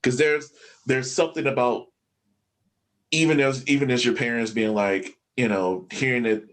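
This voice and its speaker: A man's voice: mid-range voice, steady tone, moderate pace, a bit bright. Earnest man sharing a parenting view. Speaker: guest. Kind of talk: casual video-call chat. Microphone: video call.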